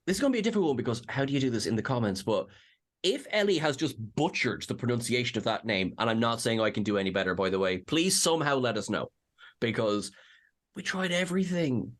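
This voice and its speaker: A man's voice: mid-range voice, expressive, fast talker. A man co-hosting a casual fan discussion, rambling through self-deprecating asides. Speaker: co-host. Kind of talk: casual chat.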